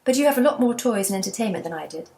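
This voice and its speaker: A woman voicing a wistful elderly grandmother in a children's storybook, soft and reminiscing. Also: mid-range voice, lively intonation, very fast, close to an everyday voice.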